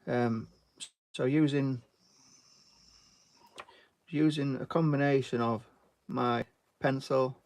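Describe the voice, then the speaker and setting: A man's voice: medium pitch, fairly even intonation, slow pace, pauses often, a little mellow. A British man chatting casually while giving a drawing tutorial and thanking viewers. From Britain. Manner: chatty, reads out viewer names and thanks them, "mate". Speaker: artist live-streaming.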